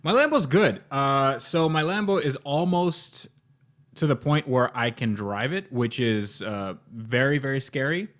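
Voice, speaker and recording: A man's voice: medium pitch, measured pace, fairly bright tone. A young man hosting a casual car podcast, talking in a rambling, jokey way with lots of fillers and restarts. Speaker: podcast host.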